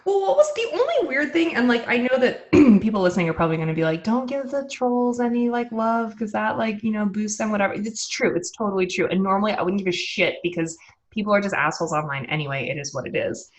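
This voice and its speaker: A woman co-hosting a casual podcast chat, animated and laughing often, swearing freely. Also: mid-range voice, fast. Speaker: podcast co-host.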